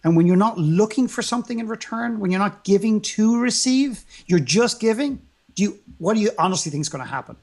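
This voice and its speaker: A man's voice: sits high, expressive, a little fast. A man speaking as an interview guest in a motivational conversation, emphatic and full of rhetorical questions and repetition.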